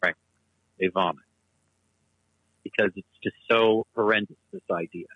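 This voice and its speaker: A man's voice: fairly low pitch, fairly even intonation, a little slow, no echo, lo-fi sound. A man co-hosting a casual talk show, speaking in an analytical, discursive way. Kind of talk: casual chat.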